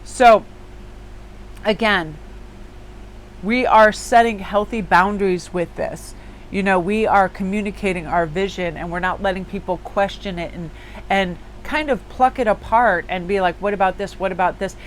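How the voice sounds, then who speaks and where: Chatty tarot lady, talks emphatic w lots of "like"s, mid-pitched voice, faint bit of noise behind her. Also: unhurried, rough recording. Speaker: tarot reader and small business owner. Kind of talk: casual daily tarot reading.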